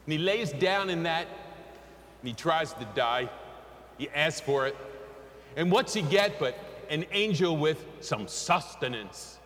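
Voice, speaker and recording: A man preaching in a large church, his voice sitting a bit high for a man and ringing out with a long reverb. He moves between quiet storytelling and sung call and response with the congregation. A faint room hum sits underneath. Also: expressive, takes it slowly, long pauses. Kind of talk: sermon with sung spiritual. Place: church sanctuary.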